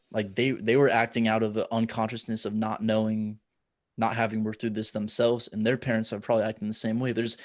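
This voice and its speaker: A man hosting a podcast, talking in a relaxed, loose way with many fillers. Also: on the low side, dry recording. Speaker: podcast host. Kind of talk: casual conversation.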